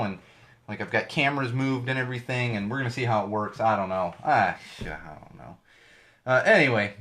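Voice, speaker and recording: A man's voice: medium pitch, fairly bright tone. A middle-aged man hosting his own podcast from a home studio, giving ranty, digressive solo commentary with lots of emphasis. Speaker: podcast host.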